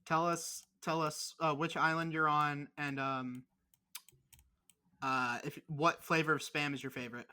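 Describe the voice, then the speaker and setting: Crude, swearing podcast host. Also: male voice, a little high, level tone, a little slow, pushed and bright, clean tone. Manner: crude, mock-angry teasing with lots of swearing. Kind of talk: casual chat.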